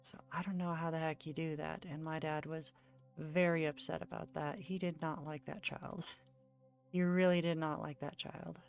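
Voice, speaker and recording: A woman's voice: low-pitched, little pitch movement, normal speed, vocal fry, soft background music. A young woman streaming while she draws, telling a rambling story in casual chat full of "like" fillers. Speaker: art streamer.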